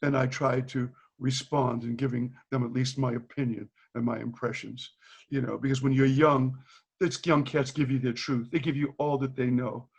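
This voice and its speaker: A retired Boston teacher, older and appearing as a guest, tells candid stories on a video call. His medium-pitched voice is creaky and husky at a moderate pace, and he animatedly acts out the quoted lines with frequent laughter.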